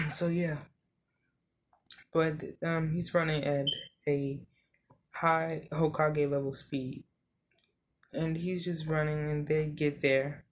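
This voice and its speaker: An unhurried storyteller makes up a fan-fiction tale on the spot, full of ums and mid-sentence corrections. The pacing is slow and wandering. A faint hiss sits behind the voice. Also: mid-range voice, level tone. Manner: halting, many ums, corrects himself as he goes.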